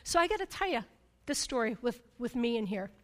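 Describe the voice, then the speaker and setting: A woman preaches a sermon in a big hall, her high voice ringing with long reverb, as she briskly tells a personal story and keeps asking "right?". Her pitch swings widely as she shifts between loud, emphatic passages and hushed, intense ones.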